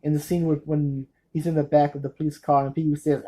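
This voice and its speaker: A man's voice: fairly high pitch, steady tone, fast talker, hardly any pauses, dark tone, rough recording. A man casually reviewing his movie collection to camera, rambling, losing track of names and starting over.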